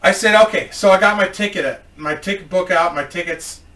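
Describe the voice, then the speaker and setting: A man tells a comic story, animated and swearing nonstop, in a high, bright voice. The sound is roomy, with the mic set back from him. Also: moderate pace. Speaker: comedian storyteller. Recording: roomy echo, mic at a distance.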